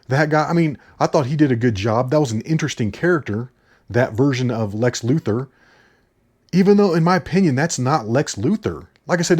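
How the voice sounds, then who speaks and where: A man's voice: mid-range voice, darkish tone. A man giving a casual, blunt and opinionated movie review, rambling as he goes.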